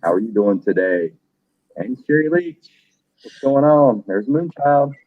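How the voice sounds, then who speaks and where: A man's voice: medium pitch, animated, a little slow, dry recording, narrow, tinny audio. A middle-aged man hosting a livestream, chatting loosely, cursing now and then and greeting viewers by name. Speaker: livestream host. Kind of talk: casual livestream chat.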